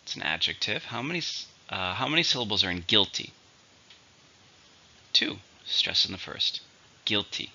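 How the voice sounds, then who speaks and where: Male English teacher, bright tense voice, dull lo-fi sound, clear drilling delivery. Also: fairly low pitch. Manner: clear, slow drilling of words and stress. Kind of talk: vocabulary lesson. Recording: dull lo-fi recording.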